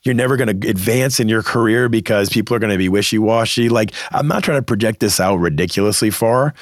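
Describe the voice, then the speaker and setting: A man's voice: lowish voice, fast, dry recording, studio quality. A middle-aged man from the Boston area hosting an advice podcast, talking emphatically and conversationally and acting out the people he quotes. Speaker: podcast host giving career advice.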